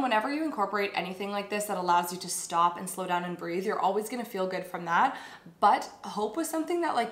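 Earnest young woman in an echoey room. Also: medium pitch. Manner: earnest, reflective, uses many fillers like "like". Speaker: vlogger. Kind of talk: personal storytelling vlog.

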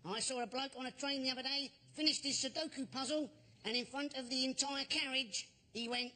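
A man delivering a deadpan, sweary stand-up routine as a panellist on a TV panel show. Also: very high-pitched, fairly quick. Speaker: comedian panellist. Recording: TV studio audience noise.

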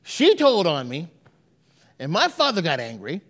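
Man, pastor, sermon in church; high, animated voice, storytelling delivery full of restarts. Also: unhurried, in a large hall. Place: church sanctuary.

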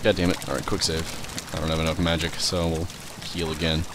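A young man casually commentating his own gameplay, rambling, swearing and reacting loudly to what happens in the game. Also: rumbling low, level tone, a little fast, background noise. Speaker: let's play host.

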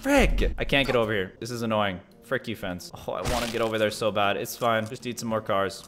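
A man giving let's play commentary, excitable and giggly, often yelping and shouting. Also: lowish voice, brisk. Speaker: gaming YouTuber. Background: game music.

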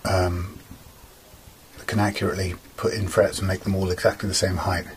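A man's voice: deep voice, level tone, a little fast, a little hiss or hum, low-quality recording. A man casually talking through guitar fret work in a workshop, rambling with many fillers as he explains each step. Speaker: guitar repairer.

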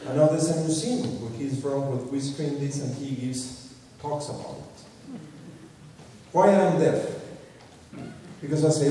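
Man telling stories, slow and mellow. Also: medium pitch, distant mic, a little hiss or hum. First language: Spanish. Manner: lively storyteller, halting restarts, chuckles between punchlines. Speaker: filmmaker giving a public lecture. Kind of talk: anecdotal storytelling lecture. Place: lecture hall with an audience. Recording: echoey hall recording from afar.

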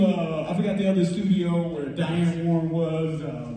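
A music producer telling a story on a talk show, acting out quotes with voices and laughing often. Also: male voice, on the high side, steady tone, normal speed, mellow. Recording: echoey hall, voice far from mic.

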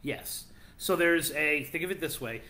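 A man's voice: fairly high pitch, a little slow, slight background noise. A man hosting a podcast, telling legends in casual, playful chat. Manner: animated storyteller, playful and teasing. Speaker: podcast host.

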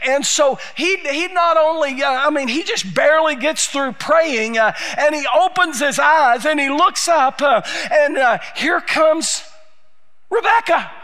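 High, bright-voiced preacher. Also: male voice, a little slow. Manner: animated storytelling preacher, often raising his voice, frequent "uh" fillers. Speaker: pastor. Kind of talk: sermon.

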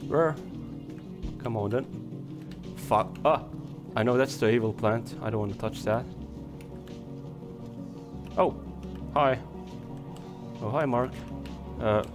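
A young man casually commenting on his gameplay, chatty and swearing, his voice hoarse from coughing. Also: medium pitch, slow, long pauses. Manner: chatty, swears, talks to creatures on screen. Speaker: let's play gamer. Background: game music.

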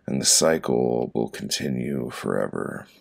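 A man reading his own poems aloud for an audiobook, with a dry, deadpan delivery and slow pauses between short lines. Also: very deep voice, creaky, slightly rough.

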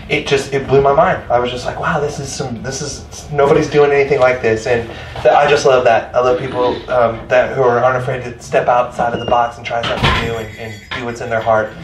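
A man hosting a live music night, rambling and joking at his own expense. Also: medium pitch. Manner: rambling, joking, self-mocking. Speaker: host. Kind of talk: live show emcee banter. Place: library event space with live crowd. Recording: roomy live sound, mic at a distance, crowd noise.

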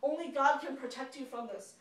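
A woman voicing a calm, kind male missionary in a children's story. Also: high voice, fairly quick, natural voice. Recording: echoey room from far off.

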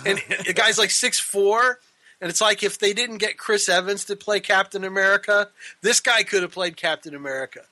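A man's voice: high voice, normal speed, pushed and bright, no echo. A man co-hosting a casual talk show, joking and teasing, doing a put-on Scottish accent. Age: older. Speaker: co-host. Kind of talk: casual podcast banter.

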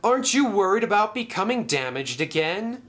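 A man's voice: high-pitched, sing-song, moderate pace, a bit bright, voice pushed up. A man voicing a worried young male fire engine who speaks in an anxious, gasping way.

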